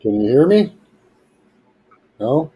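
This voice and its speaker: A man's voice: medium pitch, very animated, slow, background noise. A male guest on a video call, casually checking his mic settings and greeting people.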